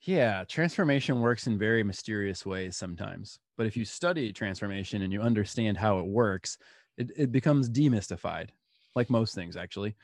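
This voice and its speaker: A man being interviewed, telling personal stories in an animated way and laughing as he goes. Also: on the low side, normal speed, no room sound. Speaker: guest. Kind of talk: storytelling interview.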